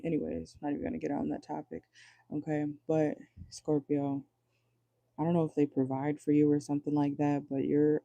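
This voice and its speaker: Mellow-voiced, chatty male tarot reader. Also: on the high side, gravelly, no room sound. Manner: chatty and joking, addresses viewers directly, swears freely. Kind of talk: casual livestream tarot reading.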